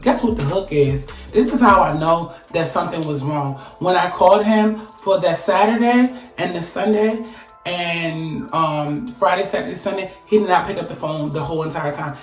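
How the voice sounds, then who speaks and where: A woman recounting a personal story in a casual, profane, emphatic way, her voice often climbing loud. She sits a little back from the mic in an echoey room with faint music behind. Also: on the low side, normal speed, far from the mic. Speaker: vlogger.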